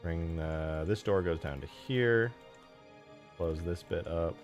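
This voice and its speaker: A man streaming as he builds a game mod, chatting casually while he works. He mutters quietly as he models, then bursts out loudly to thank viewers. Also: sits low, slow, soft background music.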